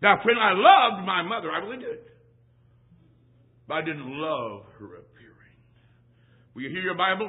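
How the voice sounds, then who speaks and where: A man preaching a sermon as a traveling evangelist, telling a funny childhood story in a folksy, animated way and bursting into shouts. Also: a little high, normal speed, gravelly. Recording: tinny phone-like lo-fi recording.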